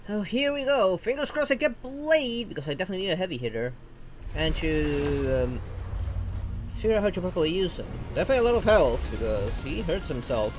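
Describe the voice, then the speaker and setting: A woman's voice: lowish voice, expressive, a little fast, faint music behind. A woman from Argentina, streaming a gacha game and ranting in frustration with lots of swearing.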